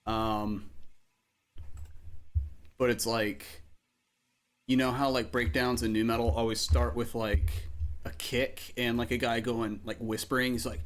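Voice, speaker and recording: Relaxed, rambling male streamer. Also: mid-range voice, unhurried, pauses often. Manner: relaxed, rambling, joking, lots of fillers. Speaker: streamer and songwriter. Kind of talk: casual livestream chat while composing.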